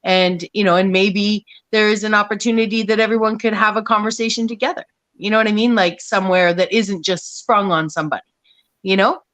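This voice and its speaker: A woman chatting on an online panel stream, rambling through fillers and restarts and swearing freely. Her voice sits at a middle pitch. The sound is dry and close, with no room around it. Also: fairly even intonation, brisk, a bit bright, dry recording, rough recording. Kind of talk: casual panel chat.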